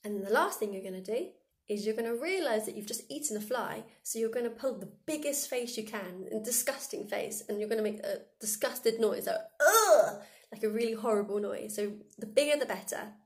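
A fairly high-voiced woman teaches children a vocal warm-up in a playful way, breaking off to act out buzzing, snapping and comic noises. She sounds like a school music teacher guiding a class through each step. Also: a little fast. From England. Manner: playful, demonstrates silly noises and sound effects.

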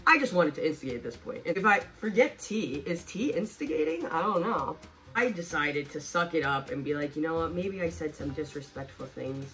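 A woman's voice: sits low, lively intonation, a little fast, fairly bright tone. A woman telling a personal story in a casual, blunt way, swearing often and stressing her words. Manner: blunt, profane and emphatic. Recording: distant mic with faint background music.

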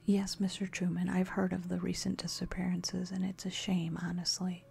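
A woman's voice: fairly low pitch, completely flat delivery, moderate pace, gravelly, dark tone, a little hiss or hum. A woman voicing a nervous, polite young male rookie detective in a whispered role-play. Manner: stammering, polite.

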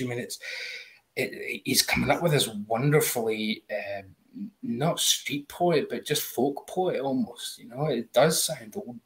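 A man's voice: mid-range voice, unhurried, fairly bright tone. Enthusiastic man reviewing an album. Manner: enthusiastic, many "um" fillers; hums and sings snatches of riffs. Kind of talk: casual album review chat.

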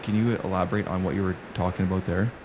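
A man's voice: low-pitched, steady tone, fast. A man hosting an interview, casual and self-deprecating, sometimes losing his words mid-sentence. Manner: casual, laughs at himself, loses his words. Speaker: podcast host. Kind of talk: conversational interview. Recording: noisy recording.

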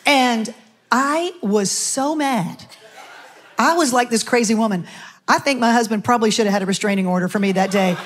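A middle-aged woman pastor giving a testimony from a church stage, telling her story in an animated way and acting out the voices of the people in it. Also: a little high, normal speed, slight background noise. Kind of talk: sermon testimony.

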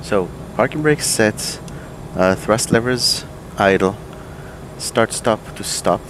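A man, an airline pilot, calmly walking through aircraft procedures in a relaxed, think-aloud way, with plenty of fillers and restarts. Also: lowish voice, slow pace, background noise. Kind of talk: casual instructional walkthrough. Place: home desk with flight simulator.

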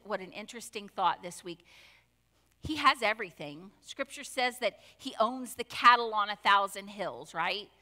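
A woman's voice: medium pitch, bright, forceful tone, big-room sound. A woman pastor preaching a conversational sermon, full of asides and rhetorical questions. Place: church sanctuary.

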